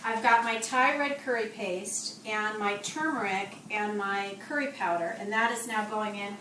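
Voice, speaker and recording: A woman's voice: mid-range voice, unhurried, sharp tone. A woman hosting a live cooking show from her kitchen, chatting upbeat while describing each step as she cooks. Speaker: host of a live cooking stream. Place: home kitchen. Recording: echoey kitchen, distant mic, faint noise.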